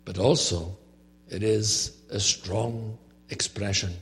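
A man's voice: on the low side, measured pace, a little hiss or hum. A man preaching a sermon, earnest and rhetorical, often asking questions of his listeners. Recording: long hall reverb.

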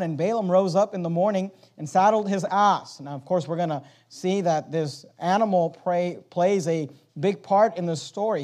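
High-voiced preacher man, emphatic. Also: warm tone. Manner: preaching with rising intensity and emphatic stresses; reads scripture aloud, slowing on key phrases. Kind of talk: sermon.

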